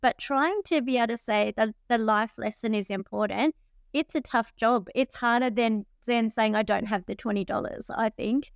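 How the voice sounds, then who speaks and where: A woman's voice: fairly high pitch, moderate pace, gravelly, no echo, studio quality. A middle-aged woman co-hosting a podcast, reflecting thoughtfully on parenting in a casual discussion. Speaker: podcast co-host.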